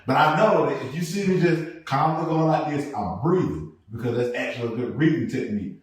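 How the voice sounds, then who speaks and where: A man co-hosting a podcast, chatting casually and telling stories, jumping between loud bursts and low asides. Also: fairly quick. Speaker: podcast co-host. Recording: echoey room, mic at a distance.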